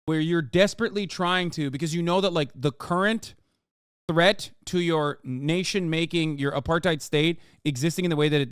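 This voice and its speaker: A man's voice: a little high, smooth, dry recording, clean studio sound. A man hosting a casual reaction stream, talking heatedly and profanely, his voice climbing when outraged. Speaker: streamer host.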